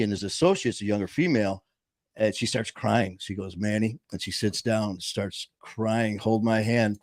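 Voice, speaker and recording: Plain-spoken Boston man, low voice. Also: moderate pace, no room sound. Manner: emphatic, plain-spoken, restarts often. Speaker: podcast host. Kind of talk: casual storytelling interview.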